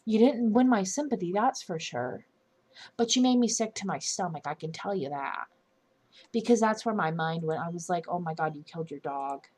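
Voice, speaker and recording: A woman's voice: medium pitch, moderate pace, a little mellow, breathy edge. A young woman giving an indignant, earnest opinion commentary for her channel, often restarting and correcting herself mid-sentence. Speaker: commentary YouTuber.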